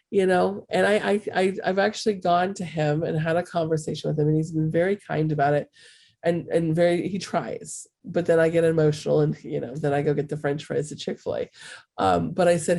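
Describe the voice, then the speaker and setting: Mellow low-voiced woman teaching a live call. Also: steady tone, brisk, gravelly. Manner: chatty, frequent fillers and restarts, acts out others' voices in quotes. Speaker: spiritual healing teacher. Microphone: call recording.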